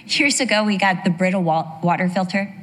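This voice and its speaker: Speaking briskly in a lowish, fairly bright voice with fairly even intonation, a middle-aged woman from the US teaches the Bible. Her sermon is conversational, built on chatty stories, frequent asides and rhetorical questions to the audience.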